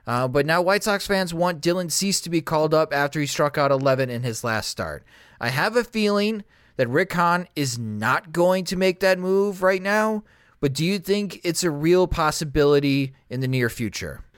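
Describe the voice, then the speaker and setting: A man hosting a casual sports talk show, running through stats briskly and turning questions to his co-host. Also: a little high, animated, a bit bright, clean tone, dry recording, clean studio sound. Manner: brisk, stat-heavy, addresses co-host. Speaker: podcast host.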